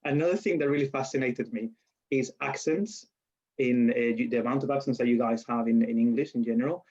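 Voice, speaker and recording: A man's voice: medium pitch, a little fast. A man with a Spanish accent telling stories in a casual interview, acting out quotes and often restarting his sentences. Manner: animated storyteller, acts out quotes, laughs often, restarts and self-corrects. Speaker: university lecturer and nurse interviewee. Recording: dull lo-fi recording.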